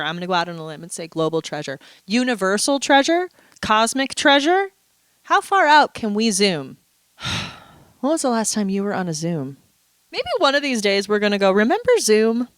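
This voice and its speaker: A woman's voice: mid-range voice, clean tone, no echo. A woman vlogger in a casual, chatty monologue, playful and full of asides, a little stuffy and under the weather. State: stuffy, feeling unwell.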